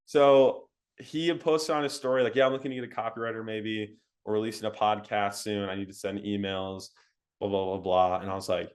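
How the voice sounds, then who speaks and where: A young man talks through his story in a relaxed interview, his voice sitting low. He is animated and laughs often, peppering his speech with "like" and "um". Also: fairly quick. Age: young adult. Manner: animated, laughing, frequent fillers like "like" and "um". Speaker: interview guest.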